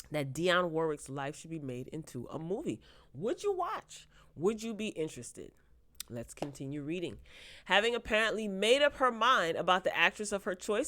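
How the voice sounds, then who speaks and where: A woman's voice: mid-range voice, a bit bright. Female host, casual gossip commentary; reads the item, then jumps in with her own playful reactions. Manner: reads headlines aloud and reacts with laughs and asides. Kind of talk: casual entertainment news chat.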